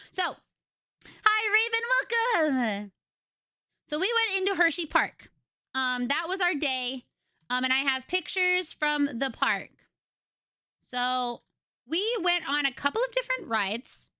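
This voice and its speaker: A young woman with a high, bright, ringing voice chats excitedly to her live stream audience, giggling as she spins stories. Her voice sits close on a desk mic in a dry, dead room with no echo at all. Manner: excitable, giggly, chatty storytelling. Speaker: livestreamer. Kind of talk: casual chat with a live audience. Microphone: desk microphone.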